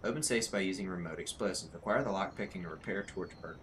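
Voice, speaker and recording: A man's voice: deep voice, fast talker. A man casually commenting while playing a video game, joking and rambling. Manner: joking, rambling, self-deprecating. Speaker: gaming YouTuber. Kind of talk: casual let's play commentary. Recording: loud game noise behind.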